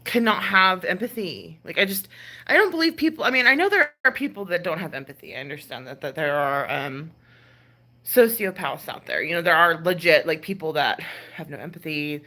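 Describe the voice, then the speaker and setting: Lively, bright-voiced woman ranting. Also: fairly low pitch, brisk. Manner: exasperated, swearing, many fillers and sighs. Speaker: ASMR creator ranting on a live stream. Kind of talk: casual rant.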